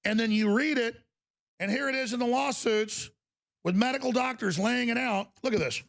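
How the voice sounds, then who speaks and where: A man's voice: high voice, animated, moderate pace, gravelly, long pauses, a bit bright. A man hosting a talk broadcast, ranting and mocking in an indignant way. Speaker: talk show host.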